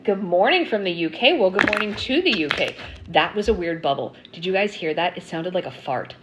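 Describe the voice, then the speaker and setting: A woman's voice: on the low side, expressive, brisk, background noise. A woman hosting a casual live stream, chatting and answering viewer comments with frequent ums. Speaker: slime livestream host. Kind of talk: casual livestream chat.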